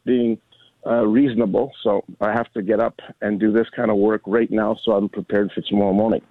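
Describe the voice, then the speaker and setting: A man in his sixties calling into a radio show, rambling and halting but friendly. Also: on the low side, level tone, dry recording. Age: 60s. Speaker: caller. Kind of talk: phone-in chat. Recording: tinny phone line, dry.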